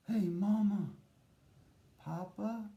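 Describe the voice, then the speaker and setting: A man voicing a frightened little boy who pleads with his parents in a soft, hushed way. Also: high-pitched, drawn-out words, gravelly, muffled recording, pitched above the performer's own voice, full character voice. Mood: scared. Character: small scared boy, timid and pleading.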